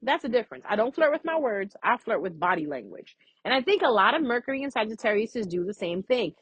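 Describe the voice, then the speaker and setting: A woman's voice: fairly high pitch, animated, fast talker, breathy edge, no echo, rough recording. A woman giving a casual, frank astrology reading as a vlogger, chatty and freely swearing.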